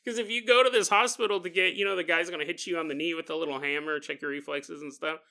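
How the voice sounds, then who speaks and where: Bright, sing-song podcast host. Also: male voice, a little high, quick pace, gravelly. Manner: animated, sing-song, jokey. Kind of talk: casual comedic paranormal podcast.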